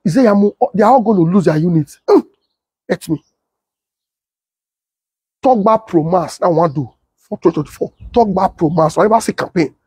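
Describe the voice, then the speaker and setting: A middle-aged man with a Nigerian Pidgin accent, telling a political story in a casual, animated way and talking straight to his viewers. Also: sits high, husky, no echo, clean studio sound. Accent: Nigerian Pidgin English. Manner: animated, repeats himself, talks straight to viewers. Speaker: political commentator.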